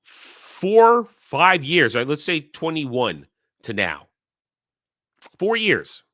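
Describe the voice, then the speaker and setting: A man's voice: fairly high pitch, sing-song, drawn-out words, fairly bright tone, dry recording, studio quality. A man giving sarcastic, scornful commentary in a rant, often repeating his phrases. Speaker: online commentary host. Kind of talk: ranting commentary.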